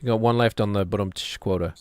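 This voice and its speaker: Streaming a game, a man with a fairly low voice talks casually at a quick pace, his intonation fairly even. He rambles, cracks jokes, and slips into put-on British accents, with no room sound in the recording.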